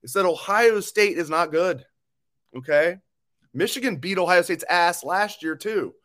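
A man's voice: high-pitched, measured pace, a bit bright. A man hosting a live sports talk stream, ranting angrily and bluntly, with swearing, as he reads viewer comments. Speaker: sports show host.

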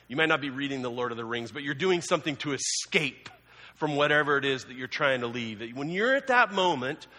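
A man's voice: mid-range voice, expressive, fairly quick, pushed and bright. A man preaching a sermon as a pastor, telling the story conversationally with humorous asides. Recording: long hall reverb.

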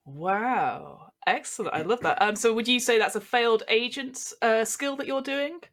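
A woman's voice: on the high side, normal speed, fairly bright tone. A woman narrating as game master in a comedic tabletop game, chatty and giggly with lots of fillers.

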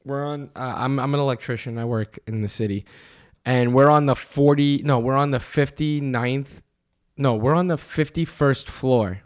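A young man on a podcast telling a story in casual chat, animated, swearing and laughing. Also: mid-range voice, moderate pace. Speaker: podcast guest.

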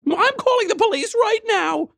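A woman's voice: animated, normal speed, creaky, a bit bright, no room sound, clean studio sound, exaggerated voice. A man voicing a panicked young woman who screams at a stranger in her apartment. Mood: screaming panic. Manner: shrill, screaming.

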